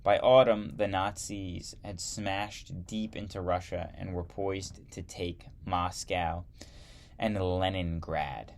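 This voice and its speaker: A man teaching history, reading a textbook aloud slowly and adding wry asides. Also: low voice, steady tone, gravelly.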